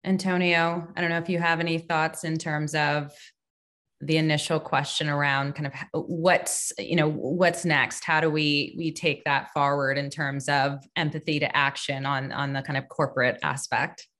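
Woman moderator on a panel, low voice, lots of mm-hmms. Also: flat delivery, moderate pace, fairly bright tone. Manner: affirming, with frequent backchannels. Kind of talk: casual panel discussion.

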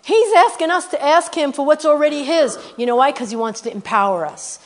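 A middle-aged woman guest preacher telling testimony stories in a sermon, animated and rising to loud exclamations. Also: sits high, fairly quick.

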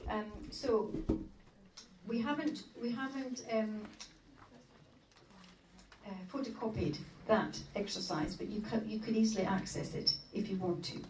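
A woman's voice: mid-range voice, fairly even intonation, measured pace, darkish tone. A woman co-leading a marriage course, talking informally to a group of couples, hesitant and full of fillers and restarts. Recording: roomy hall, distant mic, background noise.

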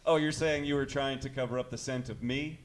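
A man's voice: medium pitch, steady tone, brisk, slight background noise. A man playing a tabletop game, joking in a self-mocking way. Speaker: player. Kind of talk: improvised tabletop role-play.

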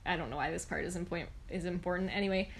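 A young woman co-hosting a casual podcast chat, telling an animated story and acting out what she said back then. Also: on the low side, rapid-fire, vocal fry. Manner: animated storyteller who acts out her past self. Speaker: podcast co-host.

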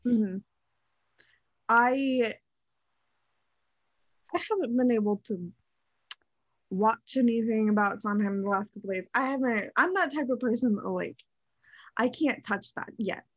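A woman's voice: fairly high pitch, a little slow, long pauses, dry recording. A woman co-hosting a podcast in casual chat, talking effusively and filling her sentences with "like". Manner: effusive, heavy use of "like". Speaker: podcast co-host. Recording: dull lo-fi dry sound.

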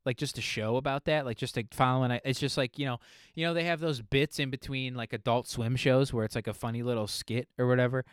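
A man's voice: mid-range voice, fairly even intonation, a little fast, clear, resonant tone, no room sound, clean studio sound. Rambling, profane male podcaster. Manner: rambling, profane, filler-heavy. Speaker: podcast host. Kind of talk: casual solo podcast monologue.

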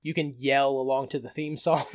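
An easygoing man with a mid-range voice chats on a podcast, chuckling along with the others. His thoughts run loosely from one clause into the next. The talk feels relaxed and unscripted. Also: medium pitch, normal speed. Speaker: podcast co-host. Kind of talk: casual chat.

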